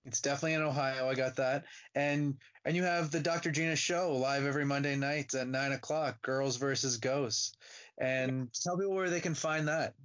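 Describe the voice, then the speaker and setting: A man's voice: medium pitch, normal speed, fairly bright tone. A man hosting an interview, reacting with short exclamations and wrapping up with plug questions. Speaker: interviewer host. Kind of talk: casual interview chat. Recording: dull lo-fi sound.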